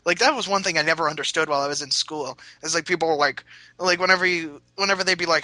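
A man's voice: on the high side, fast talker, sharp tone, no echo, low-quality recording. A young man casually telling a rambling, sweary story and laughing as he goes.

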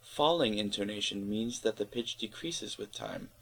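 A man reading an encyclopedia article aloud in a steady, careful way, spelling out letters where needed. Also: fairly low pitch, moderate pace, rough recording. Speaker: volunteer reader of an encyclopedia article. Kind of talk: read-aloud article narration.

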